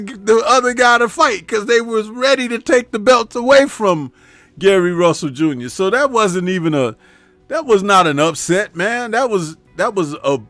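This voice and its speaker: A man's voice: high-pitched, a bit bright, dry recording. A man hosting a casual live stream. He reads viewer comments aloud, talks back to them, laughs at his own jokes and keeps tagging his remarks with "huh?". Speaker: host.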